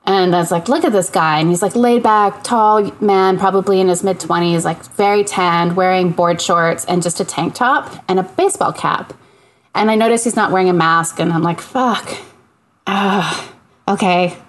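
A woman from Canada telling a funny story in casual chat, animated, acting out the people she quotes and laughing often. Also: on the low side, moderate pace. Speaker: podcast co-host.

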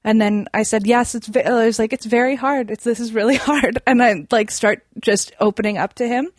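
A woman's voice: on the high side, steady tone, a little fast, no room sound, clean studio sound. A young woman telling a story in a casual chat, full of fillers and restarts. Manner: chatty, many fillers and restarts. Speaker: podcast guest.

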